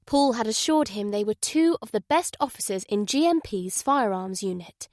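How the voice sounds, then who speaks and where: Measured woman narrating a thriller audiobook. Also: mid-range voice, animated, a little mellow, no echo, studio quality. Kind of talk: scripted narration.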